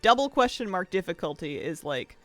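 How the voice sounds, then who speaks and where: A game streamer talking casually from a home office, chatty and rambling and quick to laugh. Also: medium pitch, sing-song, no echo, soft background music. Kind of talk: casual chat while streaming a video game.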